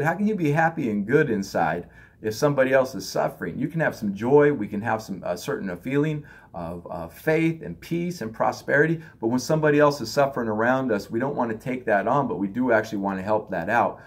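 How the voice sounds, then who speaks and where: A man's voice: mid-range voice, animated, a little fast, husky. A man giving a loose, conversational spiritual talk, now and then acting out other people in raised voices. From United States. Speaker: spiritual teacher.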